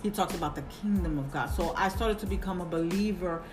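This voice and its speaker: A woman in her forties, a podcast guest, telling a personal story in casual talk, lively and acting out the voices of others. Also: on the low side, quick pace. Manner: animated, acts out quoted voices, laughs often. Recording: music playing underneath.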